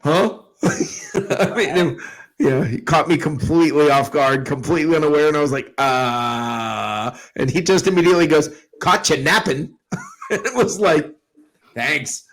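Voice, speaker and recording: A man hosts a casual sports podcast, his voice sitting a little high. He tells loose, rambling stories and laughs easily. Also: brisk, poor audio. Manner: laughs often, rambling storyteller. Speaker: podcast host.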